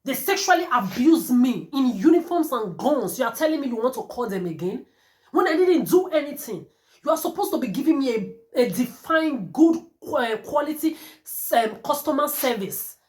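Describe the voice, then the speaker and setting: A woman's voice: high-pitched, sing-song, moderate pace, a little mellow. A woman delivering a defiant, profane rant to camera. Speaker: vlogger. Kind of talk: angry monologue to camera. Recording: roomy echo.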